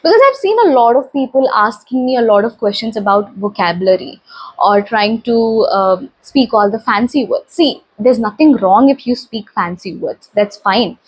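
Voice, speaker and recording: A woman who speaks Telugu as her first language, teaching English slowly and earnestly in a casual talk to camera. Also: a little high, slightly rough. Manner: slow, earnest, encouraging.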